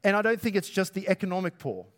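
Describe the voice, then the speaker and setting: A man's voice: sits high, very animated, fast talker. A man preaching a sermon. He talks in a conversational way, asks the listeners rhetorical questions and pushes his voice up on key words. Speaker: pastor.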